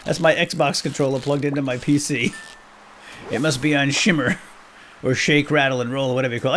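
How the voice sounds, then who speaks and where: A middle-aged man giving casual, chatty gameplay commentary, breaking into excited exclamations. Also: mid-range voice, normal speed, long pauses. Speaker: let's play host.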